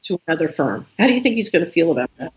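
A woman guest in an interview, telling a long story with lively, acted-out quoted dialogue. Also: on the low side, racing, dull audio. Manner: animated storyteller who acts out quoted dialogue.

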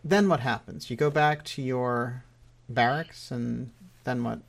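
A man's voice: mid-range voice, measured pace, gravelly. A man hosting an interview, asking curious follow-up questions. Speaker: interviewer, host.

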